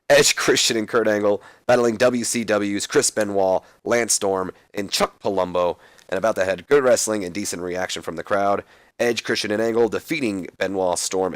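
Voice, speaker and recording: A young man with a fairly low voice casually recaps a wrestling game as a let's play host, rambling a bit while reading out scripted lines. The recording is dry.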